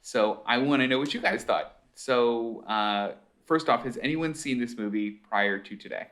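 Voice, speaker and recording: A man's voice: medium pitch, normal speed, fairly bright tone. A man co-hosting a casual podcast over a video call, enthusiastic and self-deprecating. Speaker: podcast co-host. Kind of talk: casual chat.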